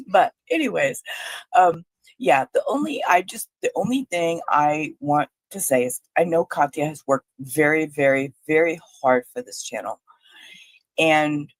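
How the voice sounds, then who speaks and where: Motherly woman clearing a catching throat. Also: low-pitched, no room sound, rough recording. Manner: motherly, chatty and emotional. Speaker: livestream co-host. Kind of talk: casual livestream chat.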